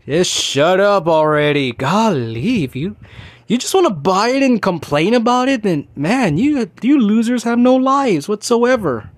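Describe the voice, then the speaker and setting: A man in his thirties with a slightly high voice, talking on his own in a loose, rambling way. He drifts into annoyed rants and keeps restarting his sentences. The sound is close and dry, with no room echo. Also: expressive, unhurried. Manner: rambling, ranting, with many restarts and fillers. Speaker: podcast host. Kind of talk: casual solo chat.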